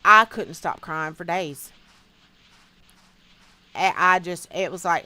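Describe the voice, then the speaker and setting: Bright-voiced woman telling stories. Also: fairly low pitch, slow pace. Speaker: streamer. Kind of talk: casual storytelling while gaming.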